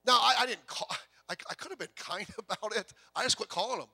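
High, bright-voiced male pastor preaching. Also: quick pace, gravelly, slightly rough. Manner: lively conversational preaching, jokes and self-repeats. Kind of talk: sermon.

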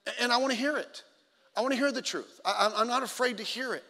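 A man preaching a sermon in a church auditorium, animated and storytelling, swinging between loud exclamations and quiet asides as he acts out other people's lines. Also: very high voice, fast, long reverb tail.

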